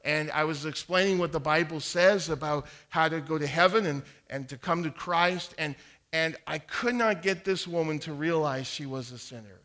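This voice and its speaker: A middle-aged man gives an earnest evangelism teaching talk on sharing the gospel, reciting King James verses. His voice is on the high side and sharp, at a moderate pace, and he repeats words as he starts sentences.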